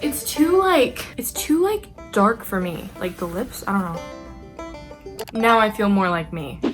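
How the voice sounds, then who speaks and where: A young actress chatting casually to her camera at home, self-deprecating and bubbling over with excitement at times. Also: medium pitch, a little slow. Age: young adult. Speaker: actress and vlogger. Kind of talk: casual vlog chat to camera. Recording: music playing behind the voice.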